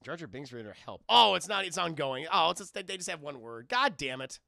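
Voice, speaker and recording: A man's voice: a little high, big pitch swings, a little fast, gravelly, bright, forceful tone, dry recording, studio quality. A man hosting a livestream in casual, giggly chat, swearing and talking to his chat. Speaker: livestream host.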